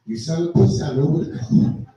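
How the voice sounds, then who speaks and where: A man doing a loud, animated, raunchy stand-up set on a comedy venue stage. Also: on the high side, brisk, distant mic. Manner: loud, animated, acts out his mother. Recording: echoey live room, mic from afar, crowd noise.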